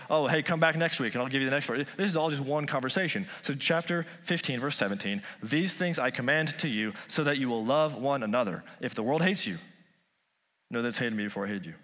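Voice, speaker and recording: A male pastor preaching a sermon, rising loud on key points and dropping soft on others. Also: mid-range voice, long reverb tail.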